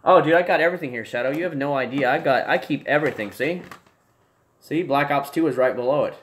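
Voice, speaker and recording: A young man hosts a casual livestream from a room at home. He rambles through viewer comments, stumbles and restarts his sentences, then jumps into loud, excited bursts. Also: fairly high pitch, quick pace. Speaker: livestream host. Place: home room with desk and gear.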